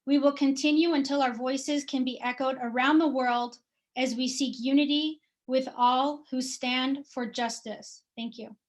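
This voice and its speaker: A woman with a high voice reads a prepared activist statement aloud. She speaks in an emphatic, declarative way, and each demand lands firmly and evenly. Her high pitch carries the measured, resolute lines. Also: steady tone.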